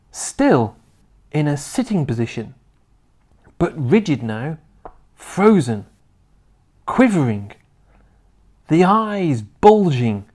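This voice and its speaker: A man reading a children's book aloud in an expressive storytelling manner. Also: on the high side.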